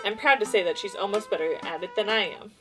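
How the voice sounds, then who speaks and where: A woman voicing a cheerful, competitive middle-aged dad who hams up pirate talk, with soft game music behind. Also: medium pitch, fast talker, close to an everyday voice, rough recording. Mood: upbeat. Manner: playful, mock-serious pirate talk.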